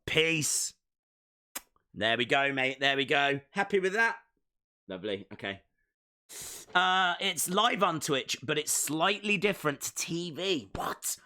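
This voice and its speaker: A man hosts a casual live watch-along and answers viewer comments in a loose, jokey ramble. His voice is bright and a touch higher than most men's, and he keeps it chatty and informal. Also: animated, measured pace. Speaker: live stream host.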